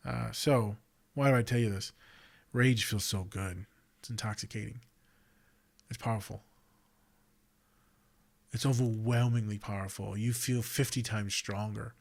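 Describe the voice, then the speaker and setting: A man hosting a podcast, a counselor talking in a blunt, profane and animated way that swings from loud outbursts to quiet reflection. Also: fairly low pitch, unhurried, vocal fry, pauses often. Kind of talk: casual monologue.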